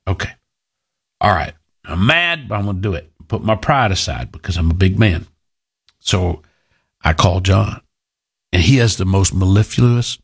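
A man's voice: on the low side, husky. A man hosting talk radio, telling a rambling, self-deprecating story in a casual monologue. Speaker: radio talk show host.

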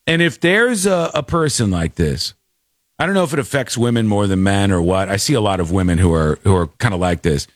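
A man's voice: fairly low pitch, brisk, no room sound, clean studio sound. A man hosting a casual talk show, telling stories animatedly and acting out the people he quotes. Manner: animated storyteller, acts out quotes. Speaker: podcast host. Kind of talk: casual chat.

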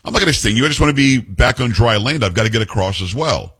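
A man voicing a smooth-talking male scorpion in a fable, coaxing and reassuring. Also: mid-range voice, expressive, quick pace, a bit bright.

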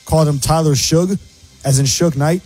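A man hosting a sports radio show, giving quick, opinionated game analysis. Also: on the high side, a little mellow, breathy edge, soft background music.

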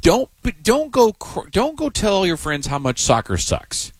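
Sports radio host, lively pitch. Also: male voice, breathy edge, no echo, rough recording. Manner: blunt, joking, drawls slowly on points. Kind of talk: casual sports radio banter. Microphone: studio microphone.

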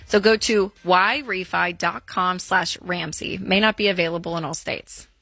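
Bright, husky woman from Nevada. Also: fairly low pitch, steady tone, normal speed, dry recording. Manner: warm, encouraging, enthusiastic. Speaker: radio advice show co-host. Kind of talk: casual call-in advice chat.

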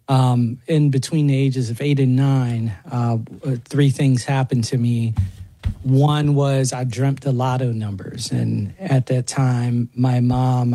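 A man's voice: medium pitch, dark tone, no echo. A man in his forties, a ninjutsu teacher, telling personal stories in an interview with plenty of fillers and restarts. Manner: rambling, many fillers and restarts. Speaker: interview guest. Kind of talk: casual storytelling interview.

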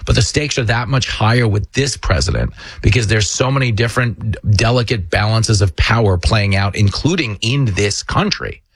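A man's voice: medium pitch, a bit bright, slightly rough, no echo. A man hosting a political commentary show, talking emphatically and sarcastically. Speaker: show host.

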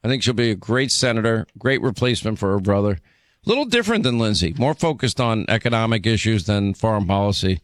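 An older man hosts a radio talk show in a dry studio, talking in quick bursts. He stammers through restarts and has a faint New York accent. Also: on the low side, animated, dry recording. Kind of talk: talk radio, live ad read.

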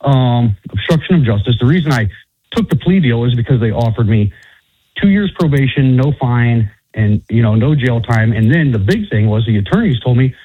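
A man as a guest on a talk show, telling his story casually and haltingly. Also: mid-range voice, lively intonation, husky, no echo. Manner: halting, many fillers and restarts. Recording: tinny, dry phone-like sound.

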